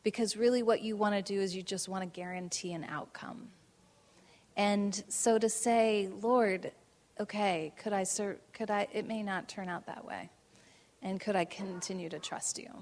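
A woman speaks thoughtfully in a reflective conversation. Her delivery is measured, and her pitch stays in an ordinary middle range. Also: darkish tone.

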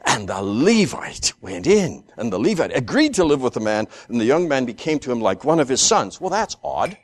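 A man teaching through a scripture passage, acting out the characters' lines and often repeating words while thinking aloud. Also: moderate pace. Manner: animated, acts out the characters' lines with rising pitch. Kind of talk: expository Bible teaching.

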